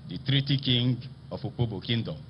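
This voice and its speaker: A man with a Nigerian accent, a state assembly speaker, delivering a formal ceremonial speech in a slow, emphatic, oratorical manner. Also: medium pitch, slight background noise. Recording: slightly dull broadcast audio with faint ambience.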